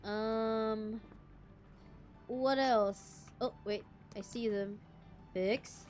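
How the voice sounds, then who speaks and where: A young woman from the Philippines streaming a game, chatting casually in a deliberately cute, girlish voice. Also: on the high side, fairly even intonation, darkish tone, soft background music. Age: young adult. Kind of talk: casual gameplay chat.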